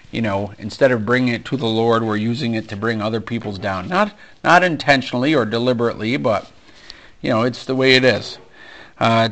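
A male pastor preaching a sermon, animated and storytelling, acting out conversations with frequent ums and restarts. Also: medium pitch. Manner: animated storyteller, acts out dialogue, many fillers. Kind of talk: sermon with personal stories.

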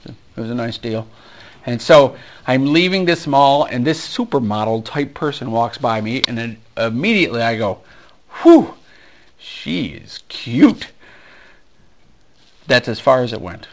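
A male pastor preaching a sermon, animated and storytelling, acting out conversations with frequent ums and restarts. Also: mid-range voice, moderate pace. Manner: animated storyteller, acts out dialogue, many fillers. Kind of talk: sermon with personal stories.

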